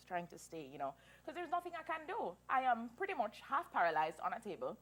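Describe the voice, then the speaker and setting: A woman in her thirties telling a personal story as an interview guest, animated and emotional, laughing through tears. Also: mid-range voice, normal speed, hardly any pauses. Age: 30s.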